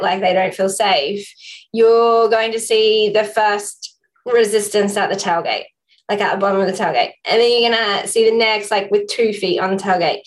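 A woman's voice: medium pitch, rough recording. A woman hosting a podcast, talking casually about horse training and often filling her speech with "like". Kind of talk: conversational podcast chat.

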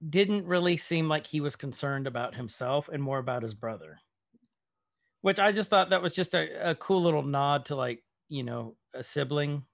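A man's voice: a little high, lively intonation, moderate pace, vocal fry, dry recording, studio quality. A man co-hosting a podcast, casually recapping a TV episode with lots of ums and trailing asides. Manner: rambling with many fillers. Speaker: podcast co-host.

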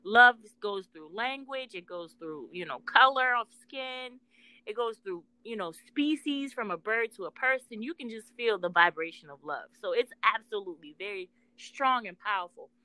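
A woman's voice: mid-range voice, lively intonation, moderate pace, sharp tone, smooth, no room sound, rough recording. A woman co-hosting a casual talk, speaking earnestly and emphatically about love and healing, with swearing. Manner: earnest, emphatic, profane storytelling. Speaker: podcast co-host, spiritual intuitive worker.

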